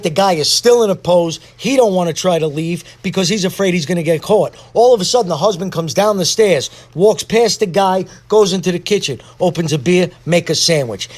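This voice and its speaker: A man's voice: high voice, a little mellow. A man telling a joke as a story, raising his voice for the characters.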